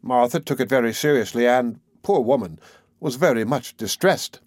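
A man narrating a classic adventure story in the first person, measured and expressive. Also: mid-range voice, no echo, clean studio sound. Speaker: audiobook narrator.

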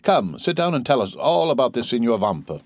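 Man voicing a level-headed young gentleman for a storybook, polite and measured. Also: medium pitch, big pitch swings, no room sound, voice pushed up. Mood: coaxing. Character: calm, reasonable young gentleman.

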